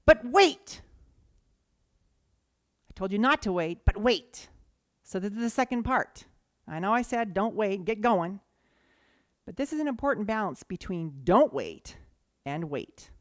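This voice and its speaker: Woman, guest speaker, sermon, animated storytelling, mid pitch, lively. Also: no echo, studio quality.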